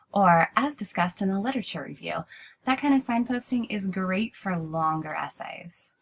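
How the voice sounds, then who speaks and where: A woman's voice: mid-range voice, vocal fry, a little hiss or hum, low-quality recording. Woman teaching academic writing, explanatory. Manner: explanatory, steady, with frequent "so" restarts. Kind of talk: recorded lecture.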